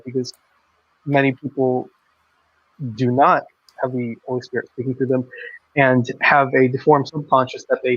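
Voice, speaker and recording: A man's voice: medium pitch, dull audio. A man hosting a casual livestream discussion, speaking bluntly and with strong opinions as he reads out comments from the chat. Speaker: livestream host.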